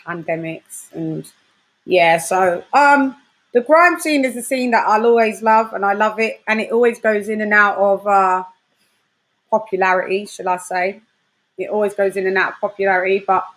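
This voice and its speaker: Slangy British woman chatting to viewers. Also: medium pitch. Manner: animated, slangy, trash-talking banter. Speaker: host; grime and dancehall artist. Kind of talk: casual livestream chat.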